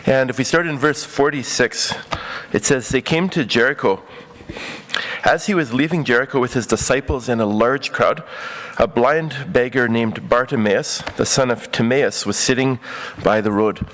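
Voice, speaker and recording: A man's voice: medium pitch, moderate pace, fairly bright tone. Casual, conversational man preaching. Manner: casual, many fillers, acts out quoted voices. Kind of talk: conversational sermon.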